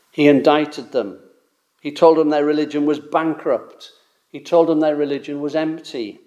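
A man preaching with force, stacking his points in long repeated runs. His voice sits a little on the higher side for a man, and he drives each phrase home with steady emphasis. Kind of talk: sermon.

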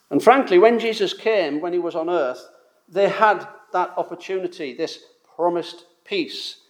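Man, preacher, sermon, emphatic, fairly high-pitched, slows on key phrases. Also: darkish tone. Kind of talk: expository sermon.

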